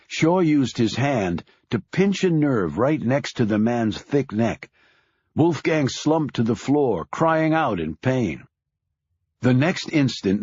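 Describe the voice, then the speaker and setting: A man reading a thriller audiobook in a grave, measured way, dropping low on sad lines. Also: darkish tone, husky, dry recording, dull audio. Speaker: audiobook narrator. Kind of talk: scripted audiobook narration.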